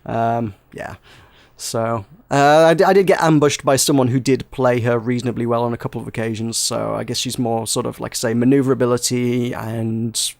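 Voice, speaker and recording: A man co-hosting a casual podcast chat, telling animated stories with playful acted quotes and frequent laughter. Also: normal speed, creaky, dry recording. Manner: animated storytelling, breaks into laughter, high-pitched playful quotes. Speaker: podcast co-host.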